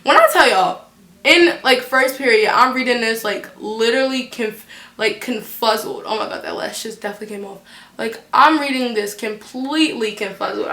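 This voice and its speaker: A teenage girl telling a storytime on her vlog, animated and blunt, swearing freely. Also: fairly high pitch, normal speed, reverberant. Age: teens. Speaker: vlogger.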